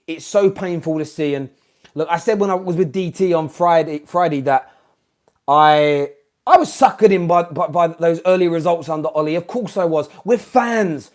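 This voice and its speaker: A man with a British accent hosting a football fan channel, ranting live after a match, swinging from shouting to muttering and repeating himself in exasperation. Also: fairly high pitch, moderate pace. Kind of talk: live-stream post-match rant.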